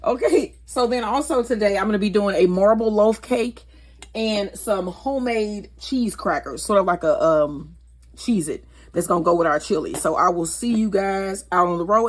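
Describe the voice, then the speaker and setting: A woman hosting a casual cooking vlog in her home kitchen, chatty and correcting herself as she goes. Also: lowish voice. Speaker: cooking channel host.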